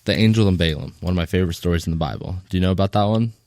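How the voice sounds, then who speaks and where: A man co-hosting a faith podcast, talking casually and retelling Bible stories with lively quoted voices. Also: deep voice, racing, a little hiss or hum. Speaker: podcast co-host.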